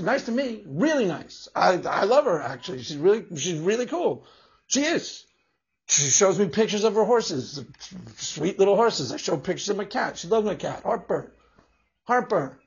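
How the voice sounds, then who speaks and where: Brief: a male vlogger with a husky, high voice, cursing and mocking; muffled lo-fi audio. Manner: swears heavily, laughs often, mocking. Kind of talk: profane opinion rant. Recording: dull lo-fi recording.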